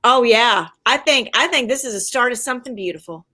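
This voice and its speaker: Bright, gushing woman hosting. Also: fairly high pitch, lively intonation, fairly quick. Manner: gushing, effusive. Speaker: book festival host. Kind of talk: casual livestream hosting.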